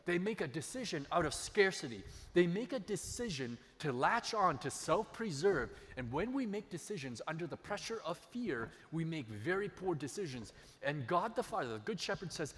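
A man's voice: on the high side, big pitch swings, normal speed, a bit bright, slight background noise. A man preaching a sermon. He tells personal stories and repeats key phrases for emphasis. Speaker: pastor. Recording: long hall reverb.

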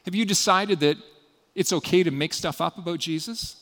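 A man preaching in an earnest voice that sits a little higher than most, often sinking to a hushed, personal tone. His words trail off into the long reverb of a large hall. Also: normal speed. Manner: earnest, dropping to a quiet, intimate tone for appeals. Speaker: pastor. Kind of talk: sermon.

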